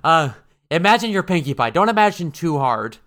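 A male podcast co-host chats in a wry, casual manner, rambling with frequent fillers and restarts. His medium-pitched voice is sing-song and a bit bright, at a moderate pace.

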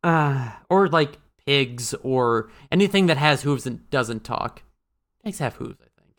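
This co-host speaks unhurriedly in a medium pitch with lively intonation, keeping the podcast chat casual and wry while rambling, filling pauses, and restarting often.

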